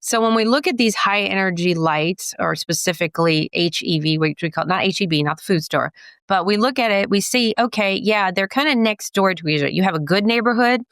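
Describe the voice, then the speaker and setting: A woman optometrist and professor explaining eye science in a jokey, teacherly way, full of quick asides and wordplay. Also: mid-range voice, fairly bright tone, smooth, no echo. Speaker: optometrist and professor giving a guest lecture. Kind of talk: playful explanatory talk to a host.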